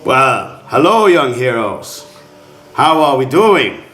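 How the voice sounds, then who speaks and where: A man's voice: mid-range voice, big pitch swings, slow pace, a bit bright, voice pushed up. A man voicing a chatty, jokey carriage driver and former adventurer, in a wobbly put-on accent. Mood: cheery, warning. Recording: roomy sound with faint music.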